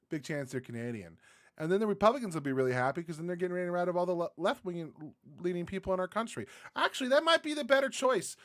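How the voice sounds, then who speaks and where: Bright, dry-voiced profane rant guy. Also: high voice, dry recording. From Arizona, USA. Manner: profane, laughs a lot, rambling. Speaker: YouTube commentator. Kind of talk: casual reaction rant.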